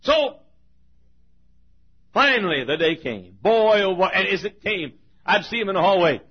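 A man preaching a sermon, telling emotional stories with many repetitions and swings between loud and hushed. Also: high-pitched, lively intonation, unhurried, slightly rough. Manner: emotional storytelling with repetitions, shifting volume. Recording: dull lo-fi sermon recording.

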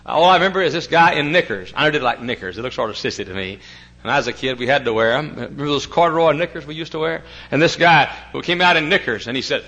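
Older male preacher, bright forceful tone, folksy asides, quiet stretches that build to loud, fervent preaching. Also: a little high, lively intonation, fast talker, rough recording. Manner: swings from quiet talk to loud impassioned preaching; folksy, chatty asides with fillers. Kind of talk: sermon.

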